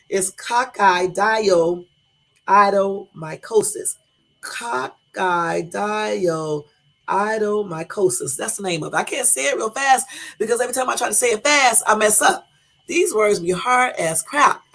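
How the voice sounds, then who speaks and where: A woman's voice: medium pitch, creaky, a bit bright, husky. A woman hosting a casual live stream, chatty, laughing at her own stumbles and talking to her viewers directly, with a Californian accent. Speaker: livestream host.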